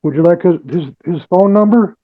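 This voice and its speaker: A man defending himself at a court hearing, defiant and halting, full of restarts. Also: high voice, narrow, tinny audio. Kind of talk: testifying in court.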